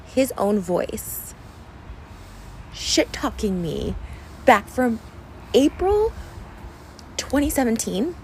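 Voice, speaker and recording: A woman's voice: fairly high pitch, big pitch swings, drawn-out words, pauses often, darkish tone, slight background noise. A young adult woman vlogging unscripted to her viewers, upset and venting in a rambling way, full of "like". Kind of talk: unscripted vlog rant to camera.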